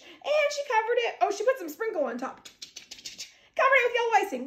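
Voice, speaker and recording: A woman reads a picture book to young children in a very high, lively voice. She plays up sound effects and invites the listeners to join in. The sound rings in an echoey room. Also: moderate pace. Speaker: guest story reader. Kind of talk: animated read-aloud to children.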